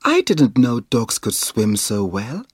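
A man reading a storybook aloud, voicing an excitable young girl in a high, emphatic voice. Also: slow pace, husky, dry recording, clean studio sound, exaggerated voice. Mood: excited.

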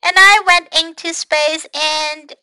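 A woman voicing an eager, excitable little boy snail in a storybook, high-pitched and exclaiming. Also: slow pace, slight background noise, heavily acted. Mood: excited.

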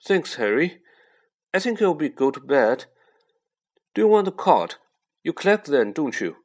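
A man's voice: a little high, sing-song, measured pace, pitched above the performer's own voice, exaggerated voice. A man voicing a shy, nervous schoolboy wizard who talks in a choked, shaky way. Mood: timid.

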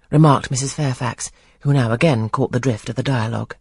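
A reader narrating an audiobook of a classic novel in an even, unhurried way. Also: medium pitch, creaky, breathy edge, no room sound, clean studio sound.

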